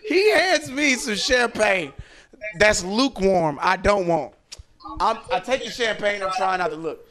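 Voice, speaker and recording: A man hosting a podcast, telling a story in casual chat, animated and laughing often as he acts out quotes. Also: high-pitched, measured pace. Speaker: podcast host. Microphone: podcast studio mic.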